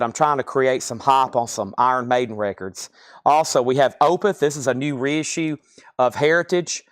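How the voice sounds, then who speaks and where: A man's voice: medium pitch, no room sound, clean studio sound. A man hosting a live-stream record sale, reading out albums and prices in a chatty, rambling sales patter. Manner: chatty, reads prices, rambles between items.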